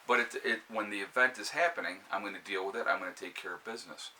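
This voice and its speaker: A man with a New York accent, hosting a casual live stream and giving steady, calm advice with plenty of fillers and restarts. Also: lowish voice, fast, slight background noise, poor audio. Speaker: prepper channel host. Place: indoors by a fire, with a cat nearby.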